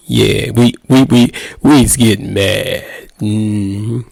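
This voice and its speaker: Gravelly-voiced pastor, folksy and playful. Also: male voice, lowish voice, steady tone, slow, darkish tone, dry recording. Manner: folksy and playful, acts out little scenes. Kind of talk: casual marriage talk to men.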